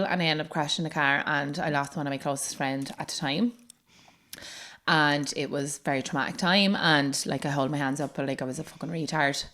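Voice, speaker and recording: A woman's voice: low voice, a bit bright. An Irish woman co-hosting a podcast, rambling casually with lots of fillers. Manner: rambling, filler-heavy talk. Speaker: podcast co-host. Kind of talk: casual chat.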